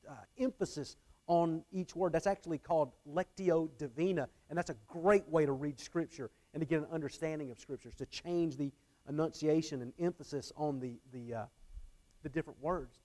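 A man's voice: fairly high pitch, a little fast, warm tone. A man preaching a sermon earnestly, often repeating his phrases and shifting his emphasis. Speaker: pastor.

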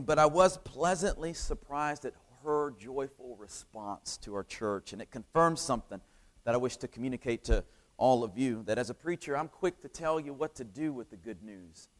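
A male preacher delivering a sermon with animated storytelling, rhetorical questions and call-and-response with the congregation. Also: a little high, low-quality recording.

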